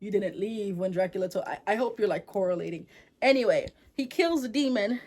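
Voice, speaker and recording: A woman telling a folktale to camera in a casual, chatty vlog style. She uses slang and wanders off into digressions as she talks. Her tone stays relaxed and conversational. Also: mid-range voice, fairly quick. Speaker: storyteller vlogger.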